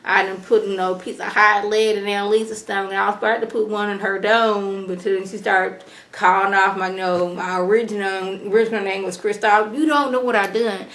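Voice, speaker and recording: A woman's voice: mid-range voice, fairly even intonation, a little fast, a bit bright, roomy sound, lightly acted. A woman voicing a distraught, confused young male student, rambling in slangy talk.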